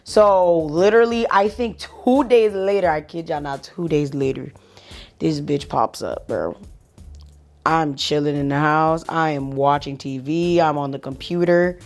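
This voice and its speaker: A woman vlogger telling a story in an animated, profane way, with laughing asides. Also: deep voice, unhurried. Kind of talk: storytime vlog.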